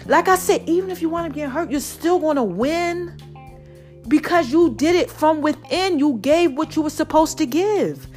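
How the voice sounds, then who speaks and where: Woman, podcast host, high voice, preachy and affectionate, soft sultry murmurs, faint music behind. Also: moderate pace.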